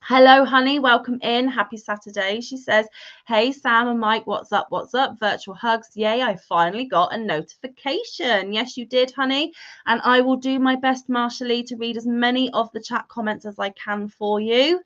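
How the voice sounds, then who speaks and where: Woman, livestream co-host, warm chatty manner, dull lo-fi sound. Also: on the high side, moderate pace. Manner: warm, chatty, calls viewers honey. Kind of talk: casual livestream chat reading comments.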